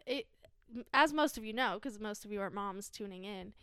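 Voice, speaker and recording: A woman's voice: mid-range voice, normal speed, pushed and bright, clean tone. A woman co-hosting a podcast in casual chat, chiming in often with "yeah" and laughing along. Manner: supportive listener, laughs often and chimes in with "yeah". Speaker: podcast co-host.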